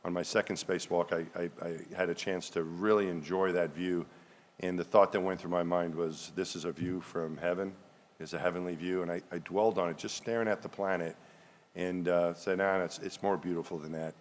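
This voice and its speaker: A man's voice: low-pitched, fairly even intonation, fairly quick, in a large hall. A man from the New area, speaking reflectively as an astronaut guest on a live panel, often repeating words as he thinks. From New York area, USA. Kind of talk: panel discussion on stage.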